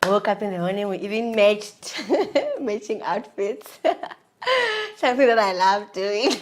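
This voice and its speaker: A woman telling her own story in an animated, emotional way, acting out the dialogue. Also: a little high, takes it slowly. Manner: animated, emotional retelling with acted-out dialogue and laughs. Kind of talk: personal storytelling.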